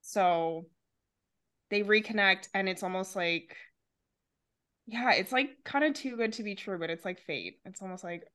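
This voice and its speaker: A woman's voice: mid-range voice, lively intonation, measured pace, long pauses, fairly bright tone, clear, resonant tone. A young woman talking casually about a novel on a book podcast, reflective and analytical.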